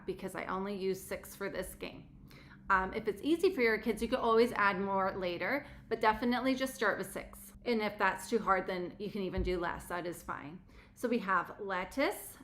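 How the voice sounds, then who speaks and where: A woman teacher showing classroom vocabulary games, friendly, slowing down and drawing out words as she models them for children. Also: mid-range voice, a bit bright, faint music behind.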